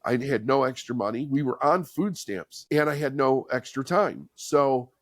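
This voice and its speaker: A middle-aged man talks candidly and earnestly as a podcast guest, recounting his own story. His voice sits in a mid pitch for a man. The recording is dry and close, with no room sound around it. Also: lively intonation, moderate pace, no echo. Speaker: podcast guest, author and speaker. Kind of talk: personal storytelling in an interview.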